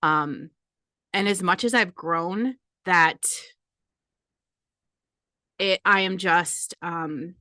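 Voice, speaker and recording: A woman in her forties speaks candidly, holding back tears. Her voice is bright and forceful and sits a little low. The recording is dry and close, with no room sound. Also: drawn-out words, pauses often, dry recording. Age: 40s. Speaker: podcast host. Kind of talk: personal confession monologue.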